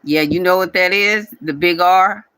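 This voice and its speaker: A man rants at a commenter on his own channel. He talks in a repetitive, scolding way. His voice is bright and slightly high, recorded close and dry with no room sound. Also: measured pace, smooth, dry recording, low-quality recording. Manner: scolding, repetitive, speaks directly to viewer. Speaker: channel owner addressing a commenter. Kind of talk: casual scolding vlog rant.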